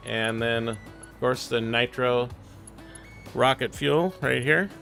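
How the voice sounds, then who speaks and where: A man's voice: medium pitch, takes it slowly, creaky, sharp tone, soft background music. A man streaming a building game, muttering half-sentences to himself and chatting casually with his viewers. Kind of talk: casual live-stream commentary while playing.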